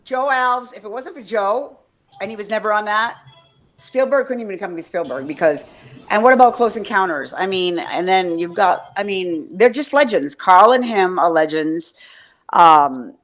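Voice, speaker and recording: A woman's voice: medium pitch, animated, normal speed, fairly bright tone. A woman hosting a casual fan chat, rambling and swearing with enthusiasm, often trailing off mid-sentence. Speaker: podcast host.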